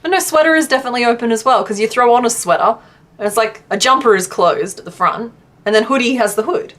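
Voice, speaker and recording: A woman's voice: a little high, animated, fast talker, a bit bright. A young adult woman with a Western Australian accent, chatting casually and self-deprecatingly with her viewers while she crochets, often laughing. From southwest Western Australia. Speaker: crochet streamer reading chat. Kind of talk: casual live-stream chat while crocheting.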